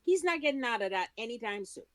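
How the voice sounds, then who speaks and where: A woman's voice: a little high, lively intonation, fast. A woman co-hosting a podcast, chiming in with short agreeing remarks and wry comments. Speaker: podcast co-host. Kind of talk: casual chat.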